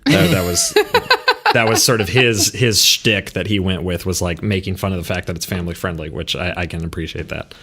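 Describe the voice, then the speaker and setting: A man's voice: sits low, huge pitch swings, normal speed, bright, forceful tone, slight background noise. A man from Southern California, a musician guest on a podcast, rambling in casual chat and poking fun at himself. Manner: rambling and self-deprecating, with frequent fillers and laughs.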